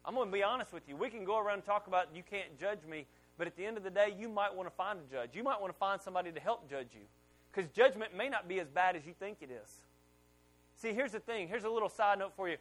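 A middle-aged pastor with a fairly high voice preaches a sermon to his congregation at a quick, expressive pace. He tells stories as if chatting with friends, then grows loud and pushes hard on his key points.

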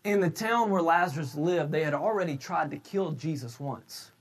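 A man preaching a sermon, shouting his emphatic points and then slipping into a loose, conversational retelling full of restarts. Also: on the high side, moderate pace. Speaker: pastor.

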